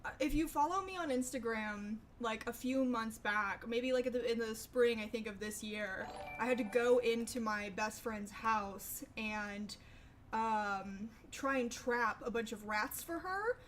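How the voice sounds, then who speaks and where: A woman's voice: on the high side, a little slow, fairly bright tone, slight background noise. A young woman chatting casually with her stream viewers, rambling and swearing freely. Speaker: livestreamer.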